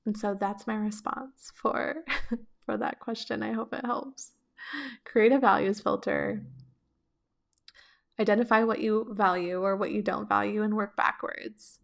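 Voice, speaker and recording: A woman hosting a podcast, answering listener questions with reflective, gentle relationship coaching and casual filler words. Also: medium pitch, steady tone, a little slow, vocal fry, lo-fi sound.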